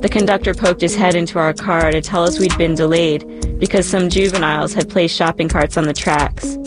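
Woman narrator, first-person story, reflective, lowish voice, music underneath. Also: fairly quick. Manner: calm, reflective. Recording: narration over a music bed.

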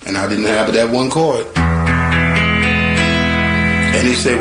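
A man telling a personal story in a casual, animated way, acting out the voices of the people in it. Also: medium pitch, fairly quick. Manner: animated, acts out quoted voices, laughs. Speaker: storyteller guest. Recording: echoey room with guitar music.

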